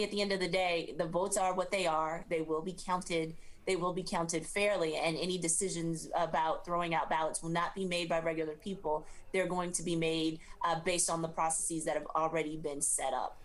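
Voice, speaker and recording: Lady professor explaining politics on the news, lowish voice, calm and analytical. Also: poor audio. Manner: analytical, steady. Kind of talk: news interview commentary.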